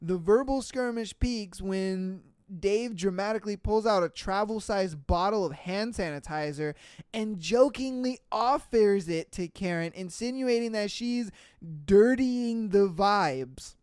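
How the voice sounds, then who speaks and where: A podcast host reading reddit stories, who keeps cutting in with swearing, laughter and loud exclamations. The voice is smooth and crisp, with an unhurried delivery. It is recorded close on a podcast mic in a dry room. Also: mid-range voice, no room sound. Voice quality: profane, exclamatory, laughs often.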